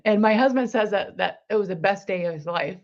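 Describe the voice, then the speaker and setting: A woman's voice: mid-range voice, a little fast. Earnest woman sharing her testimony. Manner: earnest storytelling, acting out quoted dialogue. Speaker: interview guest. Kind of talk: personal testimony in conversation. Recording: slightly dull lo-fi recording.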